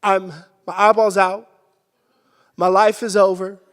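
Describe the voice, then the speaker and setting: A male pastor giving a sermon, telling a personal story with lively energy and sudden shouted bursts. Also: sits high, measured pace. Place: church sanctuary. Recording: church hall with long reverb.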